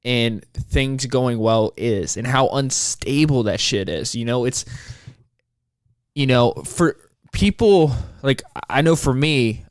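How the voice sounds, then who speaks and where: A man's voice: mid-range voice, animated, slow pace, smooth, no echo, clean studio sound. A man in his twenties hosting a solo podcast, rambling and frustrated, swearing often as he talks. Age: 20s. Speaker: podcast host.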